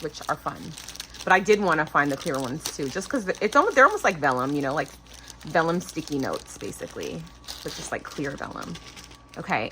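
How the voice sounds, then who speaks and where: With a low-pitched voice and slight background noise, a woman around forty unboxes a package of crafting goodies for her craft channel. The chat is casual, and she gushes excitedly, repeatedly exclaiming "oh my gosh."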